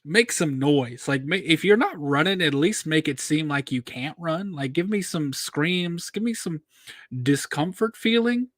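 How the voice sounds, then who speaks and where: A man chats candidly about fan films, peppering his points with casual fillers. His voice sits a touch high, and the sound is dry and close with no room around it. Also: animated, a little slow, a bit bright, dry recording. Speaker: co-host reviewing fan films. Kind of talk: casual review chat.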